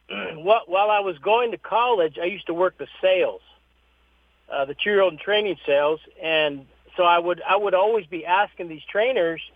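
A man, a horse trainer, telling stories as an interview guest in a lively way, acting out the people he quotes. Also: high voice, normal speed, no echo. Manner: lively storyteller who acts out the people he quotes. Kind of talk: storytelling interview. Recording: tinny phone line.

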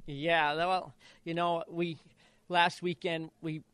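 Brief: man in his sixties from Idaho, ex-jockey storyteller, slightly high voice, lively, dry close sound. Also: slow, smooth, no echo. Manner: lively anecdotal, acts out quotes. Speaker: retired jockey. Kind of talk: storytelling in an interview.

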